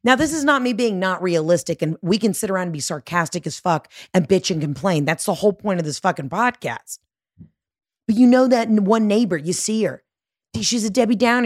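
A woman's voice: on the low side, expressive, a little fast, a little mellow, dry recording, studio quality. A woman hosting a podcast in a casual, comedic monologue that is profane, rambling and sarcastic. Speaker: podcast host.

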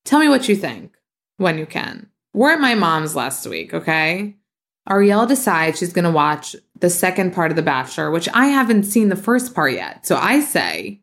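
Chatty young woman podcast host. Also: normal speed. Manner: animated storytelling, mimics relatives in higher voices. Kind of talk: casual chat.

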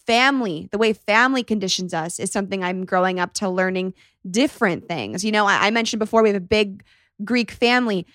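A woman's voice: mid-range voice, brisk, a bit bright, no room sound, clean studio sound. A woman hosting a podcast, talking in a candid, reflective and chatty way. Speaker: podcast host. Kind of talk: podcast conversation.

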